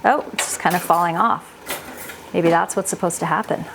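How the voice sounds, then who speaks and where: Canadian woman, chatty home-cooking vlogger, lower voice, faint background hiss. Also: normal speed, creaky. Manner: chatty, laughs easily, thinks aloud while cooking. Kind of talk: casual cooking chat. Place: home kitchen.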